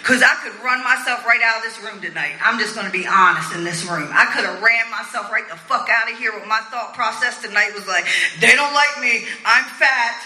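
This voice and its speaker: A woman's voice: mid-range voice, a little fast, few pauses, bright, forceful tone. A middle-aged woman telling her story at a recovery meeting, blunt, profane and often laughing. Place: meeting room with an audience. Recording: roomy echo of a meeting room.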